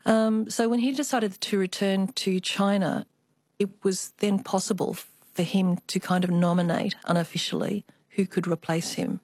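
A woman's voice: mid-range voice, steady tone, normal speed, darkish tone, dry recording, clean studio sound. An older woman, an artist, telling family stories as a guest in a radio interview. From Australia. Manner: reflective storytelling, with small restarts.

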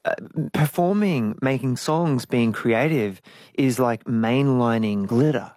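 A man's voice: medium pitch, takes it slowly, a little mellow, no room sound. A middle-aged man, a guest musician, telling his story candidly in an interview and acting out his own past voices. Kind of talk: conversational interview.

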